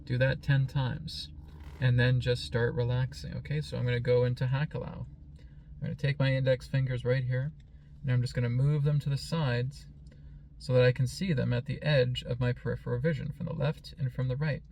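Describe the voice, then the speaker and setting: A man speaks as a spiritual teacher in a slow, calm, meditative way. His voice is gravelly and keeps an even, level pitch. He talks in a reflective, teaching manner. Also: a little hiss or hum. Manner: playfully mimics excited voices.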